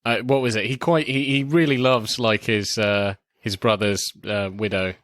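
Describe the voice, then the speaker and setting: A man co-hosting a casual film podcast, talking haltingly with many fillers. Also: fairly low pitch, steady tone, fairly bright tone, no echo, clean studio sound. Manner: halting, lots of fillers and swearing. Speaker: podcast co-host. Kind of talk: casual film review chat.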